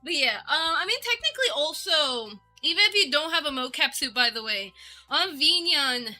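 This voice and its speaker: A woman's voice: high voice, animated, normal speed, pushed and bright. A woman streamer chatting casually and bubbly with her viewers, giggling often. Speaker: VTuber streamer. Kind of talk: casual livestream chat. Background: faint background music.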